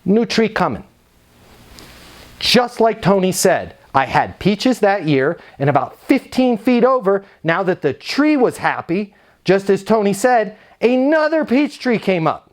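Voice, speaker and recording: A man giving an energetic, conversational sales talk built around a story. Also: high-pitched, measured pace. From United States. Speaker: sales speaker.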